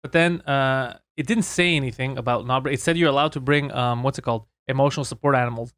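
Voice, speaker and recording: A man co-hosting a podcast, telling stories in rapid, profane, joking chat. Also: medium pitch, fairly bright tone, smooth, no room sound. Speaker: podcast co-host. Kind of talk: casual comedic chat.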